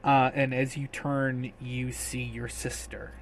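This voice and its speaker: A man narrating as game master in a tabletop game, measured and sometimes hesitant. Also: medium pitch, flat delivery, a little hiss or hum. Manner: slow, measured narration with fillers.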